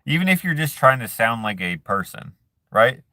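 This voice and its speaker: A man's voice: medium pitch, sing-song, normal speed, bright, forceful tone, no echo. A man hosting a casual live chat who reads viewer comments aloud and jokes and laughs at himself in a laid-back way. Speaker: streamer host.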